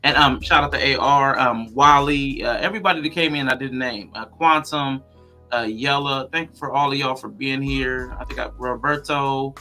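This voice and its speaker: Bright-voiced questioning male host. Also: medium pitch, normal speed, faint music behind. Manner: thoughtful, questioning, shouts out viewers. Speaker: podcast host. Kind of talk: casual livestream chat.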